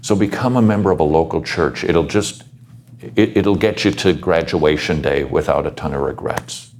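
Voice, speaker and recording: A bass-voiced man, speaking at a moderate pace with a slightly mellow tone, offers earnest pastoral advice to students as a panel speaker. He exhorts them, poses questions to the audience, and shares his own story.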